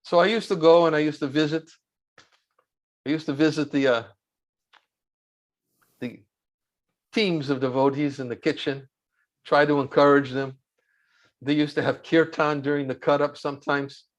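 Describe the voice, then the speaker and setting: A man with a fairly high voice tells a story for an interview, easing along with pauses and filler sounds. He speaks as a monk recalling old times, plain and unhurried. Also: fairly even intonation. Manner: unhurried, halting with fillers, chuckles while recalling.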